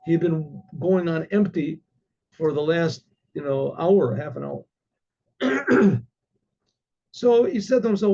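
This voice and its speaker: A male rabbi telling a story in a halting, unhurried way, often pausing to clear his throat. His voice is gravelly and husky, with a dark tone. It comes through a dull, lo-fi recording. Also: on the high side, lively intonation.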